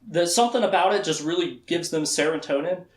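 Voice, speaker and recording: A man giving a casual, comedic lecture summarizing books to a small audience, acting out the characters' lines with quick voice shifts. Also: on the high side. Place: room with a small live audience. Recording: echoey room.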